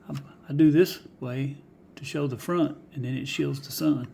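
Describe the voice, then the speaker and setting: Man, folksy show-and-tell, gravelly voice, half-whispered asides, faint hiss behind. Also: mid-range voice, fairly even intonation, measured pace, mellow. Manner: folksy, musing aloud, drops into whispers. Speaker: die-cast car collector showing finds. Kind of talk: casual show-and-tell vlog.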